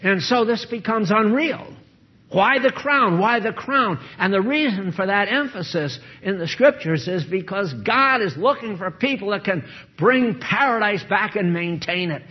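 An older man, a pastor, preaches a sermon packed with rhetorical questions and repeated emphasis. His voice sits high, expressive and a bit breathy at a moderate pace, in a dull lo-fi recording.

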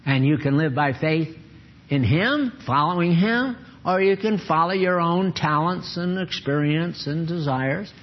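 Older man preaching folksy, husky voice. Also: a little high, a little slow. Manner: folksy and chuckling, jumps into animated bursts. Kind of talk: informal sermon. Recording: dull lo-fi recording.

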